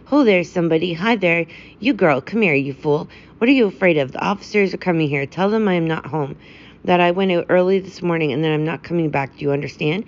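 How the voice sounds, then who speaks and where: A woman's voice: fairly low pitch, fast talker, natural voice. Figure: flustered middle-aged male doctor read by a woman. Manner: fussy, panicky. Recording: slightly dull lo-fi audio.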